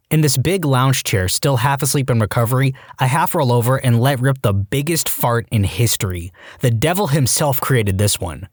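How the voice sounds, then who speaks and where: A man reading Reddit stories aloud as a podcast narrator, animated and quick to jump into acted quotes. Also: mid-range voice, no room sound, studio quality.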